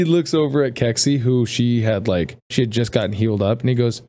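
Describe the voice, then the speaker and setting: A man's voice: medium pitch, brisk, hardly any pauses, mellow. Guy running a tabletop game, rambly and loose, swears a bit, cracks jokes at the players. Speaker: game master.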